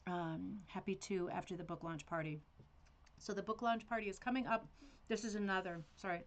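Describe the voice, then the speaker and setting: A woman's voice: mid-range voice, fairly even intonation, a little fast, gravelly. A woman hosting a rug hooking club livestream, chatting casually and rambling with fillers and laughs.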